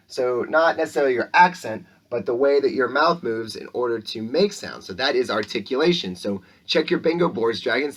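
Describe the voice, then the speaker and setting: An enthusiastic young man hosts upbeat morning announcements for schoolchildren. His voice sits at an ordinary middle pitch, and he talks to students and the school mascot with an exclamatory, cheerful manner. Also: a bit bright, far from the mic.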